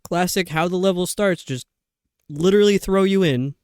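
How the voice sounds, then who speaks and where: Chatty streamer woman with a crisp, dry voice. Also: fairly low pitch, normal speed, a little mellow, no room sound. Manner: chatty, rambling, self-mocking. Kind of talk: casual livestream commentary.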